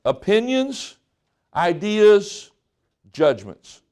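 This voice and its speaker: A man's voice: sits high, huge pitch swings, very slow, a little mellow. Man preaching in a folksy storytelling way. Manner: folksy storytelling with self-restarts. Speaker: pastor. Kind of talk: sermon.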